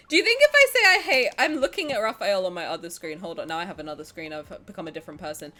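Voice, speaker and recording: A woman streaming a game, talking casually with her chat, swinging from loud squeals to quiet mutters. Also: fairly high pitch, sing-song, quick pace, few pauses, soft background music.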